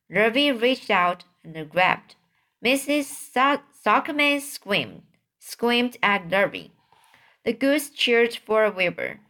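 A woman reading a children's novel aloud as an audiobook, careful and deliberate, now and then tripping and restarting a word. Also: medium pitch, bright, forceful tone. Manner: slow, careful reading with occasional slips and restarts. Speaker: audiobook reader. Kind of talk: storybook narration.

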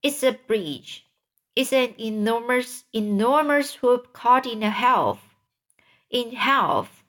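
A woman's voice: on the high side, takes it slowly, a bit bright. A woman reading aloud as a curious, brave young boy from a storybook. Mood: earnest.

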